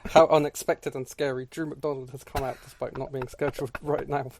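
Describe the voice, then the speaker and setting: A man's voice: mid-range voice, little pitch movement, brisk, vocal fry, a little mellow, dry recording. A man co-hosting a podcast, making dry, wry remarks with stammered restarts. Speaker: podcast co-host. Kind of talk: casual chat.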